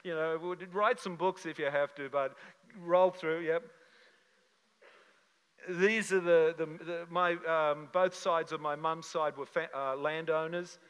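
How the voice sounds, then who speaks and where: An older man from Australia, a pastor telling a personal story to his congregation in an animated, conversational way with many restarts. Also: fairly high pitch, a little slow, clear, resonant tone, in a large hall, rough recording. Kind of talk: sermon with slide show.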